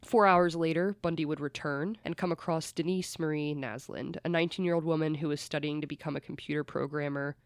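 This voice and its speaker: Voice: mid-range voice, fairly even intonation, a little fast, hardly any pauses, smooth, no echo. A podcast host telling a true-crime story in casual, blunt chat and swearing freely.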